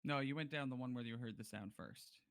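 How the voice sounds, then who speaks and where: A man's voice: medium pitch, a little fast, fairly bright tone, dry recording. Laid-back man running a tabletop game. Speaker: game master.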